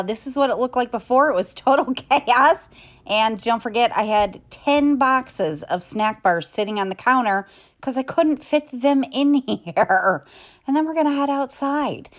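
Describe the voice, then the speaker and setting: A woman chatting casually to the camera as a lifestyle vlogger, upbeat and talkative. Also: medium pitch.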